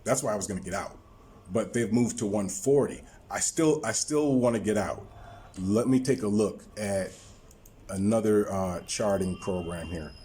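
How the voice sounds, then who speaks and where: A man talking viewers through his stock trade on screen, halting often with repeated words and fillers. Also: fairly low pitch, warm tone, slight background noise. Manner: explaining to viewers. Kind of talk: screen-recorded trading walkthrough.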